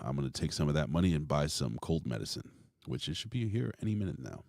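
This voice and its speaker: A man's voice: very deep voice, very animated, fast, creaky, darkish tone, dry recording, clean studio sound. A man hosting a casual wrestling review podcast, talking loosely and rambling, with some swearing. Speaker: podcast host.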